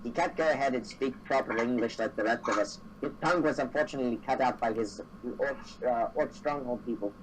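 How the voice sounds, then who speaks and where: A man's voice: mid-range voice, brisk, hardly any pauses, slight background noise, close to an everyday voice, low-quality recording. A man voicing a talkative, cheeky male halfling who drives a carriage.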